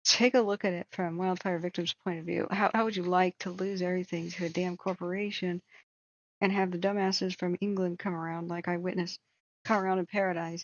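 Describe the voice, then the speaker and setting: Low-voiced woman venting about wildfire coverage, swears a lot, kinda dull lo-fi sound. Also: dry recording. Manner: blunt and heated, swearing. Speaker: wildfire tracking vlogger. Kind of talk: angry commentary rant.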